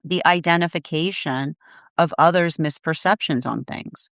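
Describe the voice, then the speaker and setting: A woman's voice: low voice, moderate pace, a bit bright, no echo, clean studio sound. A woman giving a live tarot energy reading, searching for words, restarting often and tagging points with a questioning "right?". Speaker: tarot reader.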